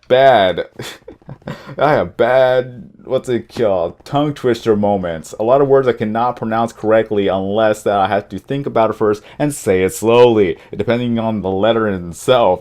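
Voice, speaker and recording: A man's voice: fairly low pitch, a little mellow. Man rambling through casual game commentary. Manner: rambling, stumbles over words; chatty, addresses viewers directly. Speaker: gaming channel host. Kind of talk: casual let's-play commentary.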